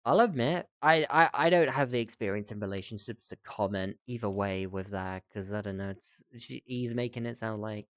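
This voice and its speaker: A man's voice: lowish voice, moderate pace, hardly any pauses, a bit bright, clean tone, no room sound, studio quality. A man casually commenting with wry asides and loose swearing as he reads online posts aloud. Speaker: streamer reading reddit posts.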